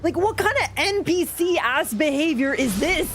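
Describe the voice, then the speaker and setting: A woman's voice: sits high, normal speed, slight background noise. Chatty young woman telling stories. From Canada. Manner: chatty, animated, laughs often. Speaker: gaming streamer. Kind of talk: casual storytelling over gameplay.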